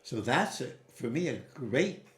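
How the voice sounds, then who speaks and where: Male guest, lively storyteller with sudden pitch jumps, recorded in an echoey room. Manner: animated, with sudden rises in pitch and quick asides. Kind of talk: storytelling interview answers. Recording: roomy echo.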